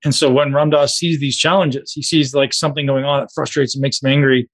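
A man's voice: medium pitch, little pitch movement, a little fast. A man coaching a group on a call, talking casually and directly to his listeners.

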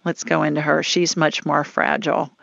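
A woman hosts a call-in show, easygoing and reassuring as she talks callers through their worries. Her voice sits low with a gravelly fry. The sound is dry and a little muffled. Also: little pitch movement, normal speed, fairly bright tone, no echo. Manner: chatty, reassuring, folksy. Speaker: call-in show host, energy healer.

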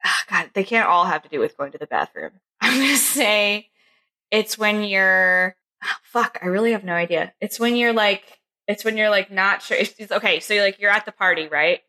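A woman co-hosting a podcast in casual chat, giggly and animated, with quick jokes and some swearing. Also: medium pitch. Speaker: podcast co-host.

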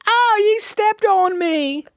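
Tiny brash Aussie bloke: shrill, squeaky, crass, dry close sound. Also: male voice, animated, slow, gravelly, no room sound, heavily acted. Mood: bragging. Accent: put-on Australian. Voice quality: squeaky high-pitched. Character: tiny crude boastful Australian bloke.

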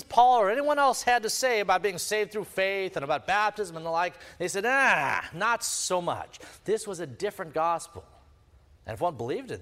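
A man's voice: mid-range voice, long reverb tail. A man preaching a sermon as pastor, emphatic, with sweeping rises and drops in his delivery.

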